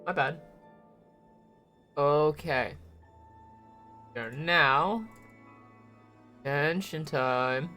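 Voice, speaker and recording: A man's voice: fairly high pitch, sharp tone. A man chatting casually on a live stream while he plays, rambling and swearing as he grumbles at the game.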